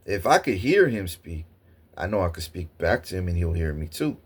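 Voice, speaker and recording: A man vlogger telling a story in a casual, rambling and excitable way, swearing often. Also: fairly low pitch, fairly quick, husky.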